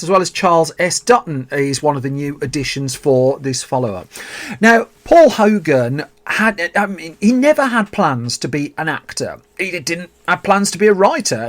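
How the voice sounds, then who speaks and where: A man's voice: a little high, no room sound. A man with a Birmingham accent hosting a film podcast, telling a film's backstory in a chatty way with asides and restarts. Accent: Birmingham English. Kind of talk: solo podcast storytelling.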